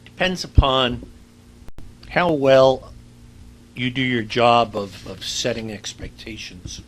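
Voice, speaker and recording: A man's voice: mid-range voice, lively intonation, slow pace, fairly bright tone, poor audio. A middle-aged man giving a university lecture in a conversational, anecdotal way, with frequent fillers. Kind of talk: recorded lecture.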